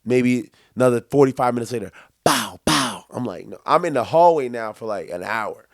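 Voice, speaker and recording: Animated man telling a story. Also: medium pitch, normal speed, dry recording, clean studio sound. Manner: animated, acts out quotes, laughs often. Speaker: podcast co-host. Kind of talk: casual storytelling.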